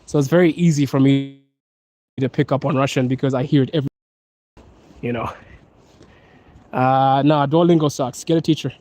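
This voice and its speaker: A man's voice: mid-range voice, fairly even intonation, moderate pace, long pauses, darkish tone, poor audio. A man chatting casually on a live stream from his phone, laughing often and calling his viewers dude and bro. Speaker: livestream host. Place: outdoors on a snowy street.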